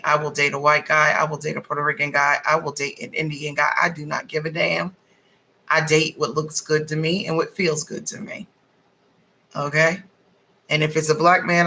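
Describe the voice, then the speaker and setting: Woman, tarot reader, casual spiritual reading, blunt, animated, profane, piercing bright tone. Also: low-pitched, low-quality recording. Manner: blunt, salty and animated, swears freely.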